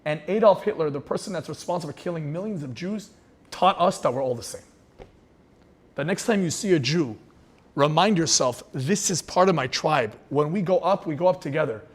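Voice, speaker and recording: A man's voice: on the high side, fairly quick, breathy edge. A man giving an inspirational sermon as a rabbi, telling stories with passion and sprinkling in Hebrew terms.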